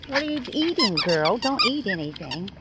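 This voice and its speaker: A woman's voice: a little high, big pitch swings, moderate pace, heavy background noise. A woman dog breeder showing her puppies outdoors, cooing baby talk to them and laughing often. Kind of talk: casual puppy showcase. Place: outdoors in a yard.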